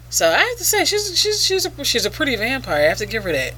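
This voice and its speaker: A woman's voice: high-pitched, huge pitch swings, fast, hardly any pauses, pushed and bright, slightly rough. A woman casually reviewing a comic book page by page, with a profane and sarcastic way of talking.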